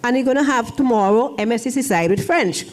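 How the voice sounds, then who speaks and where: Fairly high-pitched and fairly quick, a middle-aged woman, formerly a foreign language officer, speaks at a ceremony in a church hall. Her rambling speech is full of repeats and restarts.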